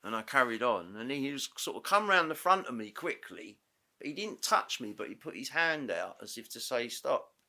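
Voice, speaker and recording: A man guest on a podcast, telling a story casually and acting out the dialogue with quick self-corrections. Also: medium pitch, big pitch swings, pushed and bright. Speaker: interview guest. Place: podcast studio.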